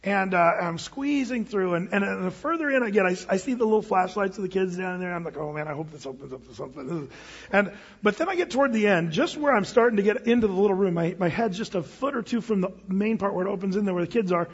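A man telling a story in a sermon as a pastor, animated and laughing at his own tale. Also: sits high, fast talker, husky. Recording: dull audio with long hall reverb.

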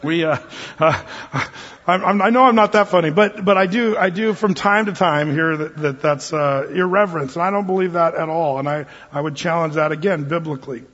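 A man's voice: on the high side, a little fast, a bit bright. A man preaching a sermon as pastor, in a conversational, joking way. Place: church sanctuary. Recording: reverberant hall, dull lo-fi sound.

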